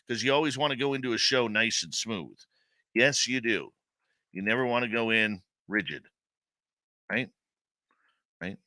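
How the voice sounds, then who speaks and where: A man's voice: medium pitch, sharp tone, no room sound. Upbeat man hosting a talk radio show. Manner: upbeat, joking, reads names quickly with playful asides. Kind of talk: live chat roll call and show opening. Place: home radio studio.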